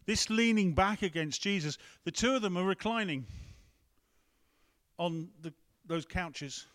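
A man's voice: high-pitched, a little slow, fairly bright tone. A man preaching a conversational sermon, breaking off to ask the room and the tech team for help. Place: church hall with a screen.

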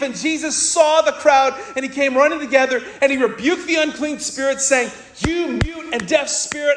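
A man's voice: extremely high pitch, fairly bright tone, roomy sound. A man preaching a sermon with passion, asking the congregation direct questions and crying out when he quotes the anguished father. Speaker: pastor.

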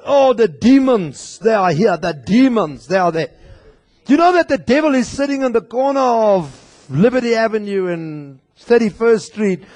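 A male pastor preaching an impassioned sermon to his congregation, at times raising his voice to a shout and talking straight to them. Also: very high-pitched. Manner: talks directly to the congregation. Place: church.

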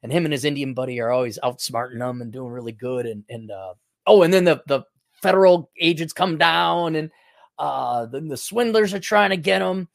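A man's voice: on the high side, normal speed, gravelly, no echo, studio quality. A man hosting a talk show, in a rambling, casual commentary that is profane and full of restarts. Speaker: show host.

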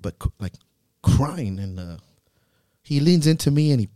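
A podcast host in his thirties telling a heartfelt personal story, earnest and halting, swearing freely. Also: mid-range voice, sing-song, mellow, no echo, clean studio sound. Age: 30s. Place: podcast studio.

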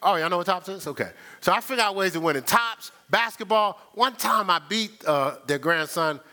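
Older male pastor, fairly high voice, animated story-driven sermon, speaks straight to the pews. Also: moderate pace. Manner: animated storytelling, sound effects and laughter; conversational, addresses the congregation directly.

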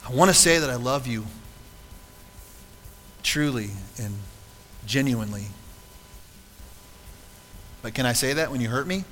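A man's voice: medium pitch, lively intonation, a little slow, pauses often, fairly bright tone, big-room sound, slight background noise. A man preaching a sermon to his congregation in a church, earnest and conversational, often asking rhetorical questions. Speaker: pastor. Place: church sanctuary.

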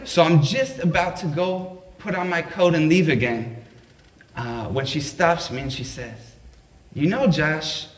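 Casual male storyteller, slightly high voice, laughs through his anecdote, echoey room. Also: measured pace. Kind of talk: live personal storytelling. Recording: roomy echo.

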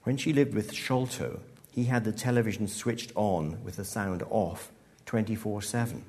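A male author reads his own story aloud to a live audience. His voice sits low, and he tells the story in a measured, dry way. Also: a little mellow. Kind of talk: live literary reading. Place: live event hall.

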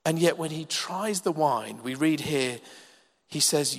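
Slow, emphatic preacher in a hall. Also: male voice, fairly high pitch, vocal fry. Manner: measured, emphatic preaching with dramatic pauses. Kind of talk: sermon. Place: church hall. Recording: long reverb of a large hall.

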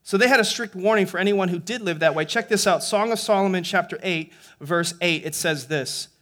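High-voiced preaching man. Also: a little fast, a bit bright. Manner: conversational preaching, builds to emphatic; frequent restarts and repeated words. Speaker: pastor. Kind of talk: sermon.

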